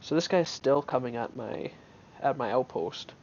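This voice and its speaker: Man, gameplay commentary, offhand and thinking aloud, dull lo-fi mic, faint rumble behind. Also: expressive, normal speed, a little mellow. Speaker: gamer commenting on his own match.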